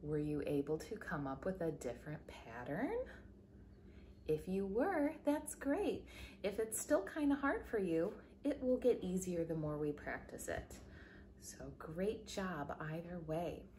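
A woman music teacher records a lesson for young children, speaking in a lively, sing-song way with big jumps in pitch and slow, encouraging explanations. There's a little background noise.

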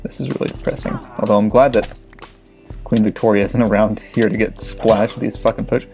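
Soft music plays behind a young let's play gamer as he swears through frantic commentary on his video game. His voice is lowish and creaky, a bit mellow, fairly quick, and steady in tone, all in a casual gameplay style.

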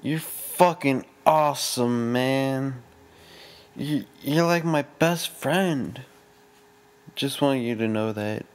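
Dude playing a sappy drunk guy, slurry and super slow. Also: medium pitch, voice pushed down, close to an everyday voice.

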